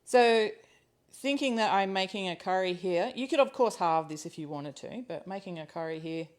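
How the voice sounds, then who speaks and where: A woman's voice: expressive, normal speed. A woman hosting a live cooking class from her kitchen, talking casually as she works, thinking aloud with ums and laughing easily. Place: home kitchen. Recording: low-quality livestream audio.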